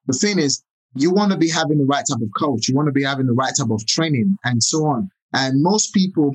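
In poor audio, a man with a Nigerian accent and a husky, higher-pitched voice interviews a guest in a casual setting. A business owner acting as interviewer, he is effusive and grateful, speaking in long run-on sentences filled with fillers.

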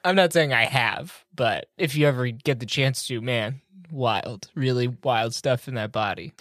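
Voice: medium pitch, measured pace, a bit bright, no room sound, studio quality. A podcast co-host in casual chat about a TV episode, laughing often and joking crudely.

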